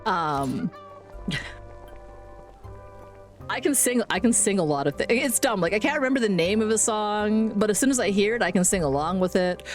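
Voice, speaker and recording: A woman's voice: medium pitch, expressive, normal speed, pauses often. A woman in her forties chatting casually on a live game stream, rambling, swearing casually and laughing often. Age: 40s. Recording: faint music behind.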